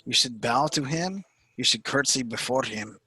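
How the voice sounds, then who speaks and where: A man playing a loud, earnest adventurer. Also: medium pitch, animated, normal speed, husky, no room sound, full character voice. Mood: persuasive.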